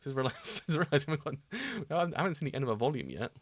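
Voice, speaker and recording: A young man hosting a casual manga reaction, relaxed and stumbling, swearing casually. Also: mid-range voice, rapid-fire, no room sound.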